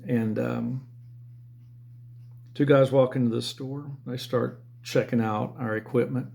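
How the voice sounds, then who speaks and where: A middle-aged former car and motorcycle salesman from the Southern United States tells sales stories in a blunt, profane, rambling monologue. His Southern American voice is mid-range, darkish and creaky, with a steady tone and slow pace.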